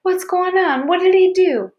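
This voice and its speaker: A woman's voice: unhurried, a little mellow, lo-fi sound. A woman doing a sobbing, pleading little girl. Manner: high and pleading.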